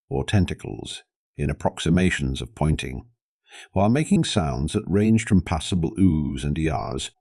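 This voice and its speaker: A man narrating a scripted science fiction story in a steady, measured reading. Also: extremely low pitch, no echo, clean studio sound.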